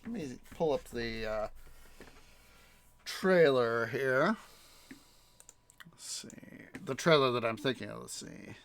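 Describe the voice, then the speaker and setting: A man's voice: mid-range voice, animated, slow, gravelly, long pauses, a bit bright. A young man hosting a gaming channel, chatting casually while he plays, rambling and hesitant with lots of fillers. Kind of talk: casual gameplay commentary.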